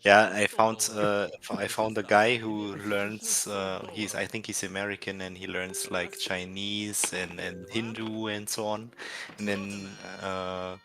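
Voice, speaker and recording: A German man streaming in casual chat, telling anecdotes with frequent laughter and halting restarts in his English. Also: on the low side, flat delivery, fairly bright tone.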